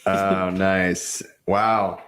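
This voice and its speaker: A man's voice: low-pitched, flat delivery, extremely slow, fairly bright tone. A young man co-hosting a podcast in casual chat, blunt and short in his replies, swearing freely. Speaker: podcast co-host.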